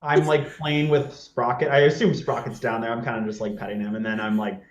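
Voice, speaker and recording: A man loosely narrates his character's moves in a tabletop game, with lots of likes. His voice is mid-pitched, and the room has a noticeable echo. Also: flat delivery, fairly quick, highs cut off. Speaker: player. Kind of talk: casual tabletop game talk. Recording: roomy echo.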